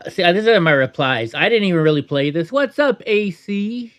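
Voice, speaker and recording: A man's voice: high voice, lively intonation, moderate pace, a bit bright. A middle-aged man hosting a casual reaction commentary, mumbling and tossing off sarcastic asides. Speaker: commentary channel host.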